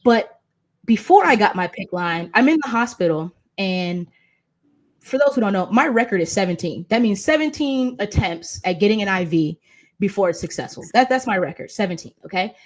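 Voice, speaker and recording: A woman's voice: mid-range voice, animated, normal speed. A woman in her thirties from the United States, hosting a casual panel conversation and talking freely with many fillers and restarts. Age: 30s. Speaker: host and patient advocate.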